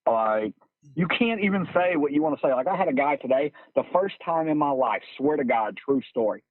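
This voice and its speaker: A man hosting a casual podcast chat, animated and profane, calling everyone "bro". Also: a little high, brisk, dry recording. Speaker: podcast host. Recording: tinny phone-like dry sound.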